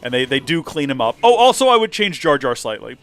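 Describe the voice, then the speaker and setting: A man's voice: mid-range voice, big pitch swings, fairly quick, a bit bright, smooth. A man casually commentating a game livestream, rambling animatedly and acting out quotes. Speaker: let's play streamer.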